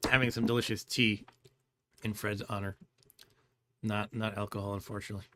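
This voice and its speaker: A man's voice: lowish voice, level tone, fairly quick, bright, forceful tone, slight background noise. Chatty, rambling male game streamer. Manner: chatty and rambling, laughs often. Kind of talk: casual gameplay commentary.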